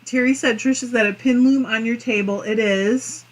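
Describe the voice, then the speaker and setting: A woman's voice: fairly high pitch, fairly even intonation, moderate pace. Giggly woman reading out live chat. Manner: giggly, often laughing and coughing between comments. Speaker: fiber arts channel host. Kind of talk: casual livestream chat, reading viewer comments aloud.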